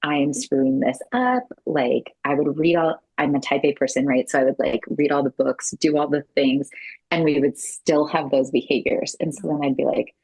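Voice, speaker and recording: A woman guest on a podcast, a mother of six, talking about parenting over a remote call in a gentle, earnest and reflective way. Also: low-pitched, moderate pace, vocal fry, slightly rough, no room sound, rough recording. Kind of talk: casual podcast conversation.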